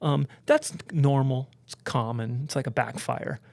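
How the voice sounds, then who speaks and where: A man's voice: medium pitch, unhurried, creaky, darkish tone, no room sound. A man doing an offhand airline captain. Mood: reassuring. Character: airline captain, casual and reassuring.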